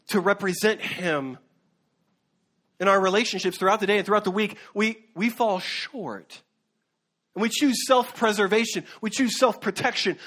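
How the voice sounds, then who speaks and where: A man's voice: high voice, fairly bright tone. Earnest man preaching a sermon. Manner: earnest, with fillers and self-corrections. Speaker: pastor.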